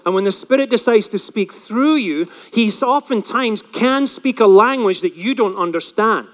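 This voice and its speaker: A man preaching a sermon as pastor, telling stories with animated delivery and acting out the voices of the people he quotes. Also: high-pitched, normal speed, long reverb tail.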